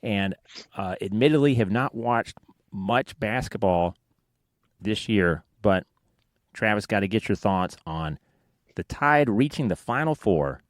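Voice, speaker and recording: A man hosts a casual podcast in a low voice. He talks in a measured, easygoing way and asks questions. The sound is dry and close to the mic. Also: lively intonation, no room sound. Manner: measured, interviewer asking questions. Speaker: podcast host. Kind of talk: casual chat.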